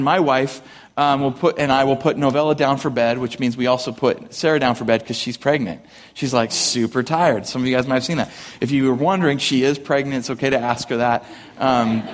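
A man in his thirties, a pastor preaching a casual, conversational sermon to his congregation, animated and joking with the room. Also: on the high side. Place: church hall with live congregation. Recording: long hall reverb.

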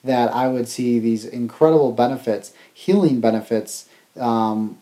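A man earnestly recounting lessons from a ceremony, in a halting, reflective conversational way. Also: medium pitch, warm tone. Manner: earnest, halting with fillers and restarts. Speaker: travel vlogger.

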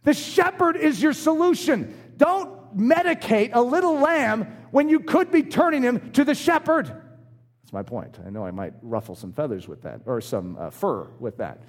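A man preaching a sermon, acting out short voices in his illustrations. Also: high voice. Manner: animated, acts out little voices in his illustrations. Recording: long hall reverb.

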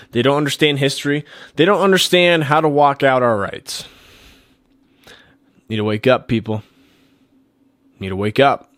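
A man's voice: medium pitch, no echo, clean studio sound. A man hosting a political opinion show, talking in an emphatic, repetitive and preachy way. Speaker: political commentary host. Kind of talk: opinion monologue.

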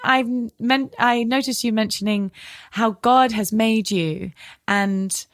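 A woman's voice: a little high, slow, no room sound, clean studio sound. A woman with a British accent hosting a podcast, chatting in a loose, personal, rambling way. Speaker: podcast host. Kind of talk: casual interview chat.

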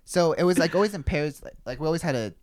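A man's voice: fairly high pitch, expressive, quick pace. A young man hosting a podcast, telling a story in casual chat, rambling, swearing freely and filling with "like". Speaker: podcast host.

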